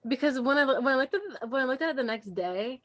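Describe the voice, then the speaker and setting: A young woman co-hosting a podcast, chatting casually and telling an animated story full of "like" and acted-out quotes. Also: high-pitched, quick pace. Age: young adult. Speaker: podcast co-host. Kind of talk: casual chat.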